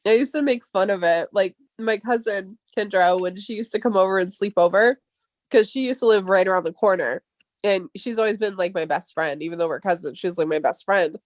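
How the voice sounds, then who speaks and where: A woman's voice: a little fast, no room sound. A young woman with a Valley Girl accent chatting casually, full of "like", casual swearing and frequent laughter. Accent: Californian Valley Girl. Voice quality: upspeak, peppered with "like", swears casually. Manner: chatty, laughs often, jumps in pitch when quoting. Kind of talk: casual chat.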